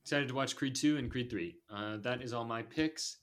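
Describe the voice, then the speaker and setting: A man's voice: mid-range voice, normal speed, fairly bright tone. Rambling laid-back male podcast host. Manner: rambling, filler-heavy, laughs often. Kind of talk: casual chat.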